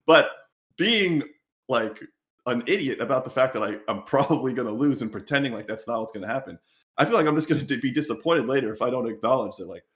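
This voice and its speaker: A man's voice: medium pitch, fast talker, reverberant. A man hosting a podcast in casual chat, telling stories animatedly and acting out what people said. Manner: animated storytelling, acts out quotes. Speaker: podcast host.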